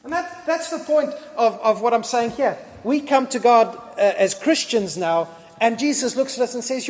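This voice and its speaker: Preacher with a high, reverberant voice. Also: male voice, unhurried. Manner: lively, acts out biblical dialogue in casual voices. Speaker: pastor. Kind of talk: sermon. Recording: long reverb of a large hall.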